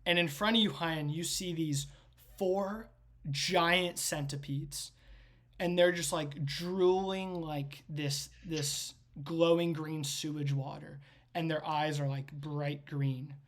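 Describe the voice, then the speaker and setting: A man's voice: on the high side, fairly even intonation, slow pace, a bit bright. Man rambling through a game scene. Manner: rambling, filler-heavy descriptions. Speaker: game master. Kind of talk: improvised game narration.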